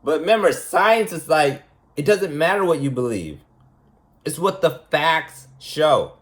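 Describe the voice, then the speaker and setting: A man's voice: fairly high pitch, big pitch swings, a little slow. A man talking as a preschool teacher in a rambling, mocking monologue, repeating his points for emphasis. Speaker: preschool teacher giving a lesson.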